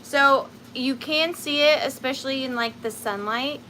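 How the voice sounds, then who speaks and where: Bright-voiced chatty woman hosting a sale. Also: a little slow, slight background noise, rough recording. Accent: Southern US. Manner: chatty and upbeat, with high squeals. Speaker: live sale host. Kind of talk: casual live-stream selling chat.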